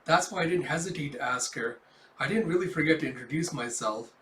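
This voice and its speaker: A man's voice: a little high, lively intonation, fairly quick, a bit bright, echoey room, slight background noise. A man reading a cool, poised society matron.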